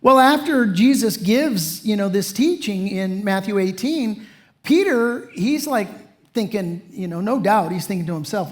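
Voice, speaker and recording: A man's voice: high voice, expressive, a little slow. A male pastor preaching a sermon in a folksy, conversational way, often saying "you know".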